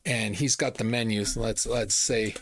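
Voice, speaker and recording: A man's voice: on the low side, steady tone, moderate pace, background noise. A middle-aged man from Alberta, telling a personal story in a casual, indignant and profane way. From Alberta, Canada. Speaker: channel host.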